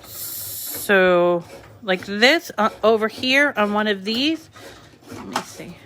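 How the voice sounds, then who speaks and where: This crafting channel host, who has a New England accent, speaks slowly and expressively in a mid-range, fairly bright voice over slight background noise. She leads a live craft tutorial, chatting with viewers and reading their comments aloud.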